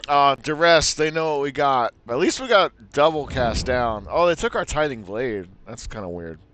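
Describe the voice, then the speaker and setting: A man's voice: medium pitch, lively intonation, moderate pace, fairly bright tone, a little hiss or hum. A man casually commentating a card game, joking around and laughing at his own bits. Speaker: gameplay commentator.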